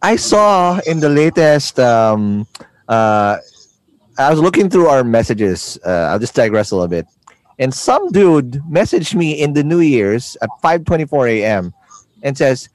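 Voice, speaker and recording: A man's voice: medium pitch, sing-song, measured pace, dry recording. A man from the Philippines hosting a casual podcast interview, asking long, rambling questions that repeat words and drift off on tangents. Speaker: podcast host.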